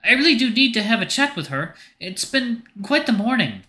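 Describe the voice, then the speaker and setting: A man's voice: very high voice, sing-song, moderate pace, bright, forceful tone, pitched above the performer's own voice, heavily acted. A man voicing a worried, impatient young woman who keeps after her sister in a story game. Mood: fussing. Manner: insistent, fussing.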